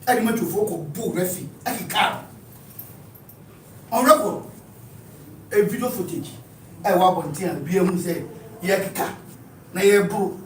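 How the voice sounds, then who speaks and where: A man's voice: high-pitched, normal speed, pauses often, a bit bright, a little hiss or hum. A Ghanaian man giving an impassioned address at a meeting, speaking emphatically and mixing in English phrases, recorded in a room from a distant mic. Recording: echoey room, mic far off.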